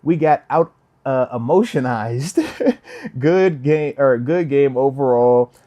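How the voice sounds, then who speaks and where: A man in his thirties, a retired football player and host, giving a casual, animated live post-game reaction and talking to his viewers. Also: medium pitch, slow pace, muffled recording. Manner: animated, talks to chat, quotes players in put-on voices.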